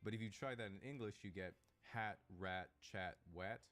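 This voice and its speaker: A man with a Pacific Northwest American accent, delivering scripted comedic narration in a dry, deadpan way. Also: on the low side, normal speed.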